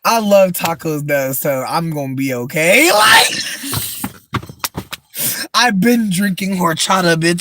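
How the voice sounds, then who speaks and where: A livestreamer in a casual rant, full of swearing, dropping to low mutters and then bursting into shrieking laughter, talking from inside a car. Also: expressive, takes it slowly, sharp tone, no echo.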